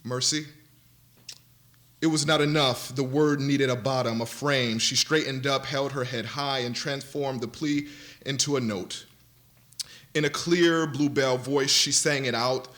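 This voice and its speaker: Man giving an expressive literary reading. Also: medium pitch. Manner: dramatic, varied delivery that slows for vivid images. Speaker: panelist reading aloud. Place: university lecture event.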